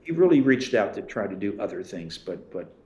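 A man's voice: lowish voice, very animated, brisk, a little mellow, lo-fi sound, slight background noise. A man speaking as a guest expert in an interview, emphatic and dismissive of myths. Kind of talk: interview discussion. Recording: roomy echo.

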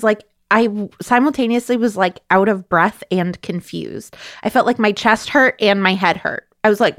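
A woman co-hosting a casual podcast discussion, chatty and quick and heavy with "like" fillers, on a close mic. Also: medium pitch, clean tone, no room sound. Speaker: podcast co-host.

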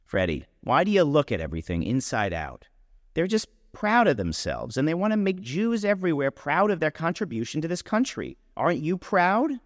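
Man doing a proud, pushy young woman, insistent and coaxing, lively lilting voice, long reverb tail, audiobook reading. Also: on the high side, moderate pace, studio quality, pitched above the performer's own voice.

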